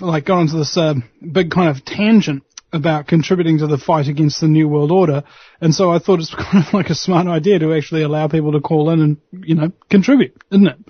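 Talk radio guy ranting solo, lots of uhs and restarts, kinda high voice, dry muffled sound. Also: no room sound. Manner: rambling, hesitant, with many fillers and restarts; opinionated ranting. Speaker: radio talk show host. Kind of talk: live talk radio monologue. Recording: slightly muffled radio broadcast.

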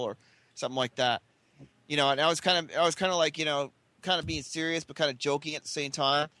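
A man's voice: a little high, steady tone, quick pace, bright, forceful tone, no echo. A man in casual chat who explains himself defensively, stumbling and restarting his words.

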